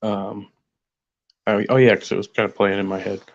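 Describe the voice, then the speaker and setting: A fairly low-voiced man talks casually to his viewers as host. He rambles and circles back with plenty of filler words. The sound is a bit muffled and lo-fi. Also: flat delivery, normal speed, creaky. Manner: rambling, filler-heavy musing. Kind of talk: casual livestream chat.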